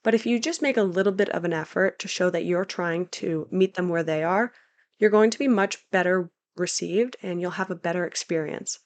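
A young woman gives casual travel advice with an upbeat, chatty energy. Her voice sits a little lower than most women's and she keeps an enthusiastic, friendly flow. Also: normal speed. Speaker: travel guide. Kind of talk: casual travel vlog talk.

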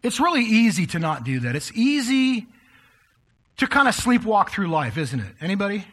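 A man's voice: sits high, sing-song, normal speed, fairly bright tone. A man preaching a sermon to a live congregation in a church, speaking conversationally and addressing the listeners directly. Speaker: pastor.

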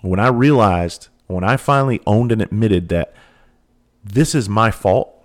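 His pitch is fairly low and his pace a little slow. The man, who trains first responders, tells a heartfelt story in an open, earnest, blunt monologue, cursing casually and circling back to the same phrases.

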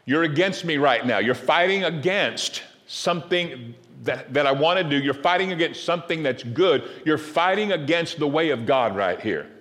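A pastor preaching a sermon, halting and repeating words as he gathers his thoughts. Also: a little high, animated, a bit bright. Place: church sanctuary. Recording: long reverb of a church hall.

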